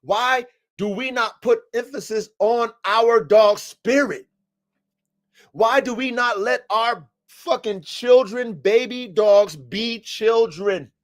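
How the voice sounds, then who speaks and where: A man hosting a casual livestream podcast about dogs, talking in a profane, emphatic, preaching way. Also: very high voice. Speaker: podcast host and dog breeder.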